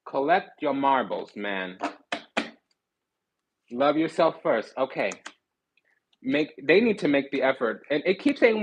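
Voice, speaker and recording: A man giving a sassy, animated tarot reading, blunt and swearing freely. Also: mid-range voice, unhurried, long pauses, highs cut off, noisy background. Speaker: spiritual card reader.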